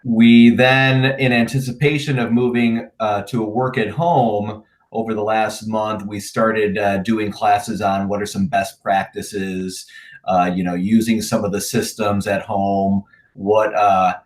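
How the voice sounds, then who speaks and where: A managing partner talking casually in a remote interview, relaxed and plain-spoken, with frequent "uh"s and restarts over a video call. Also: male voice, fairly low pitch, a little slow. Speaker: managing partner of an insurance agency.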